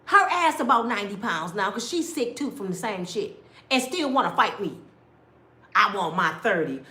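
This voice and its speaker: A middle-aged woman telling stories in a blunt, animated way, sometimes mimicking other people's voices. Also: mid-range voice, normal speed, roomy sound. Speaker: storyteller. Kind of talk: casual storytelling rant.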